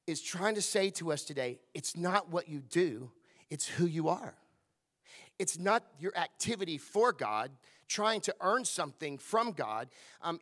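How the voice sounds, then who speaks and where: Middle-aged pastor, fairly high voice, preaches with call-and-response and hushed asides. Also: male voice. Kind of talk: sermon. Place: church service.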